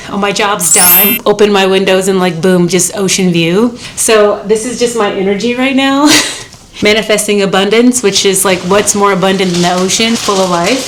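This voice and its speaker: A woman's voice: medium pitch, background noise. A young woman from the United States, chatting casually and bubbly as a travel vlogger, laughing often. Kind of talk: casual vlog chat. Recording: music playing behind.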